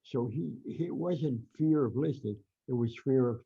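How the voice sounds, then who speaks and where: A man's voice: mid-range voice, moderate pace, creaky, hardly any pauses, husky, highs cut off. An older man, a guest boxing writer, telling stories in an interview and acting out the people he quotes. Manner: animated storyteller, acts out quotes loudly. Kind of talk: storytelling interview.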